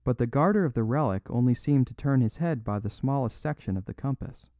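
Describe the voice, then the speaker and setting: A man narrating a classic story in a measured, even storytelling voice, in a dry, dull recording. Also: mid-range voice, no room sound. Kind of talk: audiobook narration.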